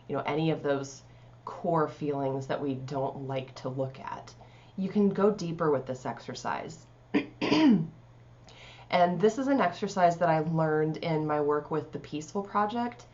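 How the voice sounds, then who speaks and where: A woman life coach giving calm, conversational advice, with frequent "you know" fillers. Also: deep voice, dull audio. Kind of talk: casual advice talk to camera.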